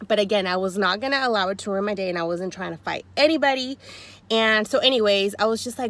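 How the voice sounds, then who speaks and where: A woman telling a story in a chatty, animated, slangy way, sitting in her car. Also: medium pitch, fast. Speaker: vlogger. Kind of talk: story time vlog.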